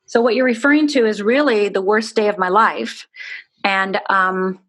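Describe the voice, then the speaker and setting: A middle-aged woman, a guest in an interview, telling a deeply personal story in an earnest, candid way with many "you know"s. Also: moderate pace, a bit bright.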